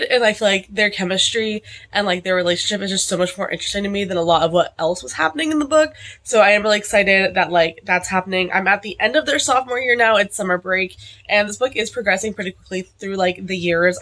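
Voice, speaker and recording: A woman's voice: medium pitch, fairly bright tone. A young adult woman chatting casually in a reading vlog, rambling along with lots of "like" fillers. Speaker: book vlogger.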